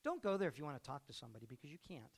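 A middle-aged man preaching a sermon as pastor, telling stories with loud outbursts and quiet reflective stretches. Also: on the high side, sing-song, very fast, husky.

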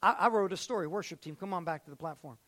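A man preaching a sermon as pastor, telling stories and repeating phrases, swinging between loud and hushed. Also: sits high, rapid-fire.

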